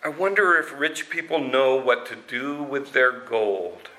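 A man voicing a poor, desperate mother who talks in a hushed, pleading way. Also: mid-range voice, a little slow. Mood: tempted.

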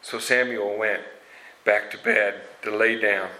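A man's voice: lowish voice, fairly even intonation, bright, forceful tone, rough recording. A man preaching a sermon, retelling scripture stories in an earnest way with casual asides. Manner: slow, earnest storytelling with asides.

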